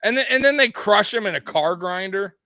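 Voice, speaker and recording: High, bright-voiced man ranting. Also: a little fast, dry recording, clean studio sound. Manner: animated, profane ranting with frequent laughter. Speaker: co-host of a sports podcast. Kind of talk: casual chat.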